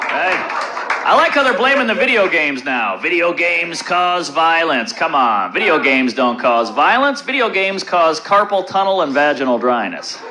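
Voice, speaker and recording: A man performing a stand-up comedy set with deadpan dark one-liners and questions to the crowd, on a club stage. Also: on the high side, normal speed. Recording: loud background noise.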